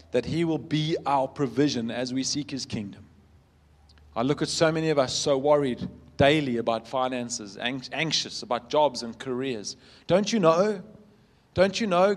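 A man, a pastor, preaching a sermon with earnest storytelling, emphatic repetition, and shifts between loud emphasis and soft, quiet passages. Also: on the high side.

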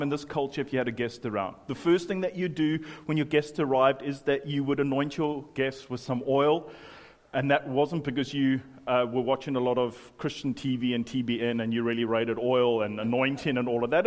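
A man's voice: mid-range voice, long reverb tail. A man preaching a sermon in church, joking and chatting with many asides. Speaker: pastor.

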